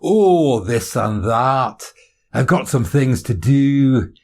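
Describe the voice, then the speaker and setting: A man voicing a friendly, easygoing Scottish man of about thirty in a storybook reading, with a Scottish accent and a slow manner. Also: mid-range voice, animated, a little mellow, voice pushed up. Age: 30s.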